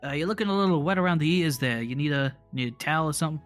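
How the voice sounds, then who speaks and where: A man's voice: on the high side, lively intonation, racing, soft background music, close to an everyday voice. A man voicing a scrappy male Piplup who talks like a slangy, overfamiliar tough guy. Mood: jovial.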